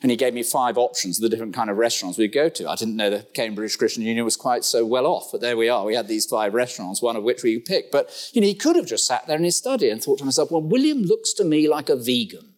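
A middle-aged man preaching a sermon in a church, with humorous asides and sudden jumps in pitch. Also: animated, quick pace, hardly any pauses.

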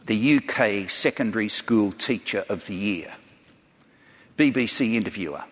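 A man's voice: on the low side, moderate pace, husky. A man preaching a sermon to a large congregation, telling stories earnestly and putting direct questions to his listeners. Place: church hall before a large congregation. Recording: long hall reverb.

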